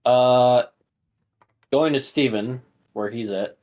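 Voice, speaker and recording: A man narrating as game master of a tabletop game, quick and stammering, slipping into put-on voices. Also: medium pitch, muffled recording.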